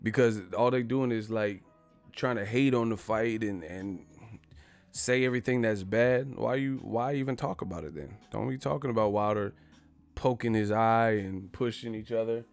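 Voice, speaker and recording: A man's voice: on the low side, normal speed, faint music behind. Laid-back, profane male streamer. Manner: laid-back, profane, reads viewer messages. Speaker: boxing live-stream host. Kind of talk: casual live-stream chat.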